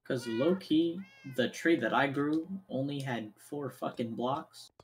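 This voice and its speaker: A woman's voice: very deep voice, takes it slowly, slight background noise, low-quality recording. A woman in casual gaming chat, blunt and swearing, asking her friends questions.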